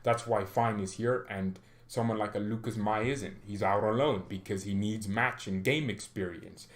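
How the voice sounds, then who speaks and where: A man hosting a fan channel, ranting in a chatty, animated way and often tagging sentences with questions. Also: on the low side, normal speed. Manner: animated ranting with bursts of loud exclamation; chatty, frequent "right?" tag questions. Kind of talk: casual opinion vlog.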